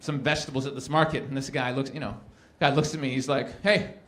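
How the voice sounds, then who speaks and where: A Canadian man with a mid-range voice talks at a quick pace. He's performing stand-up at a live event, animatedly telling stories and acting out the people in them.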